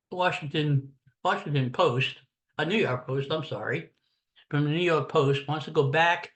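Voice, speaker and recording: A man's voice: on the high side, a bit bright. An older American man giving a blunt, sarcastic, rambling political rant in a casual monologue. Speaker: political commentator.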